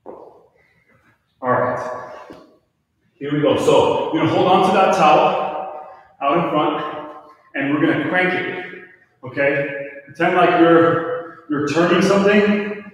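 A man leading a home workout, counting reps and calling out brisk motivating cues while he exercises. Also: fairly high pitch, slight background noise. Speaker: fitness instructor. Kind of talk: live home workout coaching. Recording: echoey room, distant from mic.

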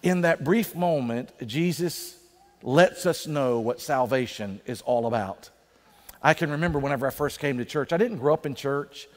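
Man preaching in a reverberant church. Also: mid-range voice. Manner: conversational preaching with emphatic slowdowns. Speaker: pastor. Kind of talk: sermon. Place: church sanctuary.

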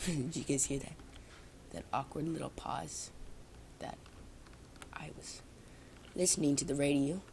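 A woman's voice: low-pitched, fairly even intonation, measured pace, creaky, long pauses, mellow, a little hiss or hum. A young woman casually chatting over a video game, rambling and poking fun at herself. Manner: rambling, self-mocking, talks to viewers. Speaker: gaming vlogger. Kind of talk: casual gameplay commentary. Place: home, indoors.

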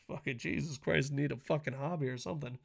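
A man giving a casual, profane wrestling preview rant, mocking and swinging between loud outbursts and low mutters. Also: fairly even intonation, quick pace, gravelly, slightly rough. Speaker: wrestling vlogger.

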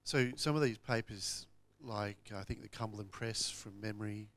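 A man's voice: fairly low pitch, moderate pace, fairly bright tone. A man in a workshop asking questions into a handheld microphone, hesitant and searching for words. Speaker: workshop participant.

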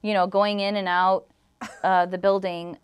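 A woman's voice: mid-range voice, flat delivery, a little slow, clean tone. A young woman from Illinois telling an emotional personal story as an interview guest, rambling with many "like"s and acting out what others said. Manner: rambling storytelling, full of "like", acts out quoted exchanges.

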